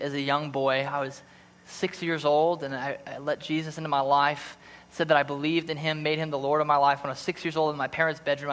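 A man's voice: a little high, a bit bright. A man from Canada preaching a sermon, earnest and eager, often repeating himself.

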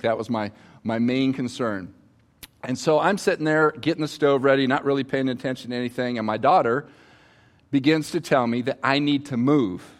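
Middle-aged male pastor, conversational sermon from the stage, storytelling, calls on the audience, mid-range voice. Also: medium pitch. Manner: conversational, asks the audience to respond, tells personal stories. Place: on stage before a congregation.

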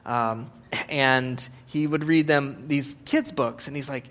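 A pastor in his forties delivers a humorous sermon in church, joking around and animatedly acting out quotes. His voice is mid-range and his pace moderate.

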